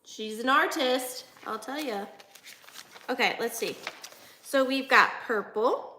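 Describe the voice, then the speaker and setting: A woman chats casually with her livestream audience. She is excitable and jumps from topic to topic, and her voice is a little high and bright. The room around her sounds echoey. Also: slow, a little hiss or hum. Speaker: antique reseller hosting a livestream. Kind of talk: casual live chat with viewers.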